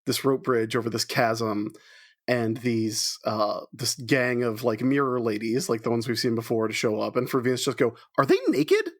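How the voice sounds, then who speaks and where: A man's voice: mid-range voice, flat delivery, normal speed. A man co-hosting a podcast, chatting casually with sarcastic jokes. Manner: sarcastic, joking. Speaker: podcast co-host. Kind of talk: casual chat.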